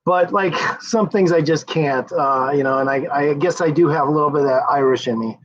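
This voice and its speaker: Speaking briskly in a fairly high voice, this man from the United States rambles through a casual livestream, swearing and often chuckling with his viewers. The stream audio is dull and lo-fi.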